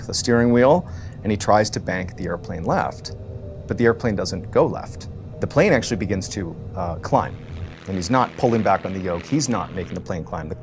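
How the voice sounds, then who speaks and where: A man's voice: lowish voice, a little hiss or hum. A man telling a strange story in a casual, conversational way, with many fillers.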